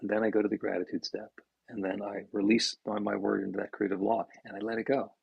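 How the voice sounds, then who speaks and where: A man co-hosting a podcast as a minister, explaining in a halting way and often restarting his words. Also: lowish voice, level tone, dry recording, muffled recording. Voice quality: gravelly, husky.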